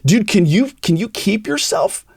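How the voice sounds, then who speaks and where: Animated middle-aged male podcast host. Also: sits high, moderate pace, vocal fry, slightly rough, dry recording, clean studio sound. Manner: animated storytelling, acts out quoted voices. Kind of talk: candid conversational podcast talk.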